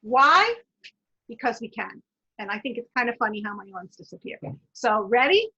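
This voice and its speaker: A woman leading a guided laughter yoga lesson in an encouraging, chatty way, breaking into loud chanted laugh sounds, recorded on dull lo-fi online talk audio. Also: a little high, big pitch swings, moderate pace, breathy edge. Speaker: wellness presenter.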